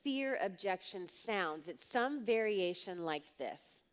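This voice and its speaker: A woman's voice: medium pitch, expressive, takes it slowly, big-room sound. A woman giving a live talk on coaching at a conference, telling stories bluntly and directly and acting out the voices of people she quotes. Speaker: coaching business speaker. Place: large conference hall.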